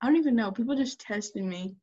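Sassy teenage girl with a high voice, slightly lo-fi. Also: lively intonation, fast, mellow, husky. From Midwestern United States. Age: teens. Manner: blunt, laughing, sassy. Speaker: co-host. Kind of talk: casual chat. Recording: slightly dull, lo-fi sound.

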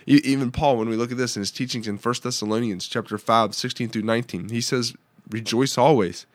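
A man's voice: lowish voice, no room sound. A man pastor giving a conversational podcast Bible devotional, reading scripture aloud between casual asides.

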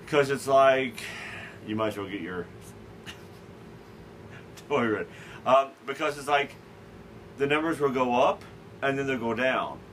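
A man's voice: medium pitch, measured pace, long pauses, fairly bright tone, slight background noise, low-quality recording. A man hosting a casual talk show, rambling with lots of stammered restarts and fillers. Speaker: podcast host. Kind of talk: casual chat.

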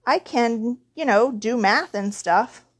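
A woman's voice: fairly high pitch, slow, pitched above the performer's own voice. A woman reading aloud, voicing an eleven-year-old boy who speaks hesitantly and stammers in confusion. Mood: defensive.

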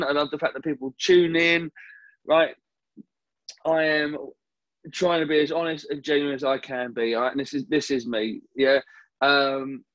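A man's voice: a little high, no room sound, muffled recording. A man hosting a casual solo podcast from home, talking frankly and rambling a little. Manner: rambling, self-aware, frank. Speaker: podcast host. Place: home, at night. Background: neighbour's car revving.

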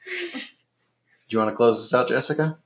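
Joking man with a lively voice. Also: mid-range voice, moderate pace, echoey room. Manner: teasing, cracks jokes. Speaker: podcast co-host. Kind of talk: casual family chat.

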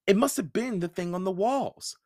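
A man's voice: sits high, normal speed, darkish tone, dry recording, studio quality, voice pushed up, lightly acted. A man reading a storybook aloud, voicing a worried young boy who pleads anxiously.

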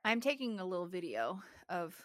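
A woman's voice: lowish voice, very animated, a little fast, a bit bright, dry recording, clean studio sound. A young woman co-hosting a casual podcast, chatting in a bubbly way and laughing easily. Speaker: podcast co-host. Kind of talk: casual chat.

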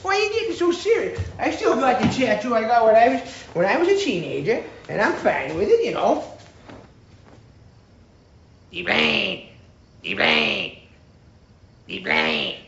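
An actor playing a goofy grown man in a squeaky, swooping put-on voice, in a film clip. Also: sing-song, a little slow, gravelly, long pauses, a bit bright, a little hiss or hum, exaggerated voice. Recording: roomy, dull film clip with faint ambience.

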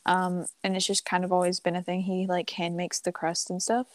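A woman's voice: fairly low pitch, monotone, fairly quick, dry recording. A young woman co-hosting a casual podcast chat, rambling with lots of fillers and casual swearing. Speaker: podcast co-host.

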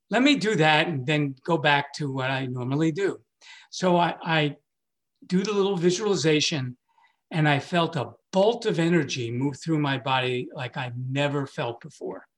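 A man in his sixties, a meditation teacher, telling a personal story in a casual way, laughing often and jumping high when he quotes himself. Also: animated, moderate pace.

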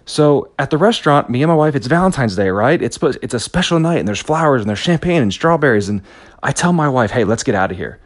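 A man's voice: on the high side, expressive, fast, dry recording, clean studio sound. A man in his thirties giving a motivational talk, telling a personal story in an earnest, anecdotal way with frequent restarts.

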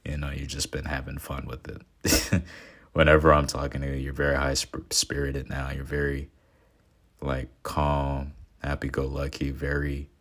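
A twenty-year-old man in casual, reflective talk, earnest and sentimental, rambling with many fillers and restarts. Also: rumbling low.

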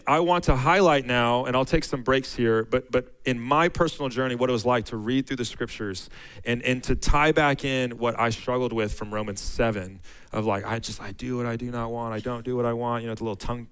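A man's voice: mid-range voice, normal speed, fairly bright tone, smooth, rough recording. A man preaching a sermon to his church, casual and conversational, often restarting phrases and reading scripture aloud with rising emphasis.

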